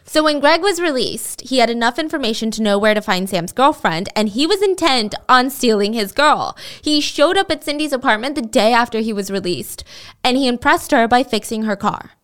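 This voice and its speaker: A woman with a somewhat high voice recounts a true-crime case in a relaxed, chatty podcast style. She is expressive and animated, often slipping into quick impressions of the people involved. Her delivery stays conversational throughout. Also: clear, resonant tone. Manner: animated, expressive, acts out quotes. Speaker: podcast host. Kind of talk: casual true-crime storytelling.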